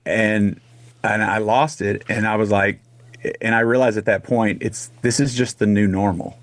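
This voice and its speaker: A middle-aged man from Texas telling a personal story in a casual radio interview, animated and full of restarts. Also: on the low side, normal speed, dry recording. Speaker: guest singer.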